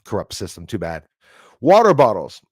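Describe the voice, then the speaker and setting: A man's voice: lowish voice, wildly swooping pitch, normal speed, darkish tone, slightly rough, no room sound, clean studio sound. A Canadian man telling rambling, digressive stories on a casual livestream, restarting his sentences and wandering off into asides. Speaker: livestream host.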